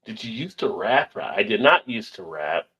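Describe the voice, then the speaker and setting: A man's voice: lowish voice, big pitch swings, normal speed, fairly bright tone, husky, muffled recording. A man hosting a casual chat show, reading viewer comments aloud, rambling and laughing often. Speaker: show host.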